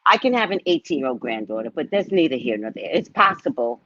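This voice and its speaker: A woman in her fifties, a psychic reader, telling stories in a dramatic, animated way and speaking to her viewers like family on a casual livestream. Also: low voice, quick pace, dry recording, dull audio. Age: 50s.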